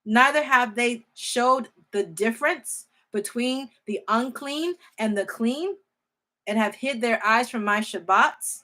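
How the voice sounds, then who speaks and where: A woman teaches from scripture in a relaxed, thinking-aloud way, correcting herself as she goes. Her voice is fairly high and bright. She speaks unhurriedly, leaning hard into key words. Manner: reads scripture slowly, then speaks with emotional emphasis. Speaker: Bible teacher.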